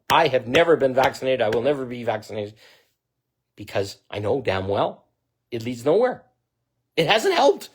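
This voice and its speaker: A spiritual vlogger speaks straight into the camera in a blunt, profane monologue. He veers between loud outbursts and a low, intense delivery.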